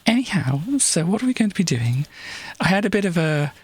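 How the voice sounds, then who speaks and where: Very animated and at normal speed, a woman streamer with a lowish, slightly rough voice chats casually on her live stream. She rambles with lots of restarts and laughter, occasionally putting on playful voices.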